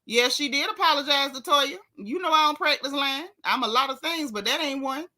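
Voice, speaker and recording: A woman with a bright, forceful voice pitched a little high hosts a casual gossip vlog. She talks straight to her viewers with sassy, blunt teasing and reads out their comments to answer them. Her tone is chatty and unfiltered. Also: a little fast.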